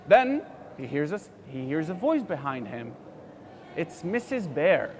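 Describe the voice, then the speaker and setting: Animated, high-voiced male teacher. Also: a little slow, a little hiss or hum. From Algeria. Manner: friendly, encouraging, animated storytelling. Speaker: teacher and show host. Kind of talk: reading a story aloud to children.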